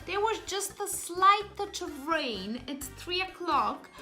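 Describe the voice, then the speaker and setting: A woman's voice: high-pitched, moderate pace, bright, forceful tone, faint music behind. A woman voicing an overly polite British woman who gushes through small talk in a sing-song way. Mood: gushing. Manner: gushing, sing-song, calls listener darling.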